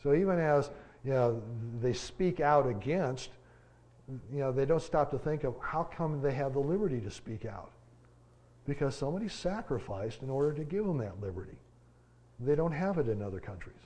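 A man preaching a sermon in a casual, halting way, with lots of fillers and the odd folksy joke. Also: medium pitch, animated, darkish tone. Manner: conversational, halting, many fillers and restarts; folksy, joking aside.

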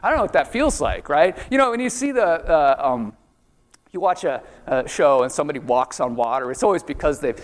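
A man preaching a sermon in a chatty, animated way, acting out the voices in the story. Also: a little high, a little fast. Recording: long reverb of a large hall.

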